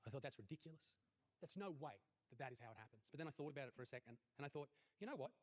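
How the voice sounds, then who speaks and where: A man in his thirties doing a crude stand-up comedy routine, telling stories deadpan and shouting out the punchlines. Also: mid-range voice, rapid-fire.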